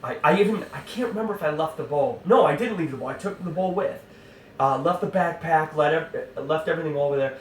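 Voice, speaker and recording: A man telling an animated, exasperated hunting-camp story in a casual way, full of fillers and asides. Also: a little high, quick pace, a little hiss or hum. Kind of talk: casual spoken anecdote. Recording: roomy sound from a distant mic.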